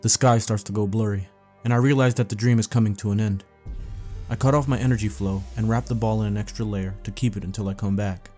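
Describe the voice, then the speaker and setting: Low, mellow man reading a bedtime story. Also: quick pace. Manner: steady, low-key first-person storytelling. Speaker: narrator. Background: faint background music.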